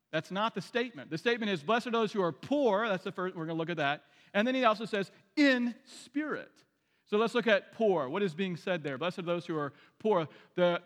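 High-voiced pastor preaching in a reverberant hall. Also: male voice, fairly bright tone. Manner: conversational preaching with restarts and direct questions. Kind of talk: sermon.

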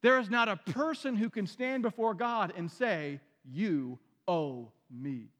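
A male pastor with a high, light voice delivers a sermon in a relaxed, conversational way. He restarts his sentences and asks the congregation direct questions. His voice rings with the long reverb of a large hall. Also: normal speed.

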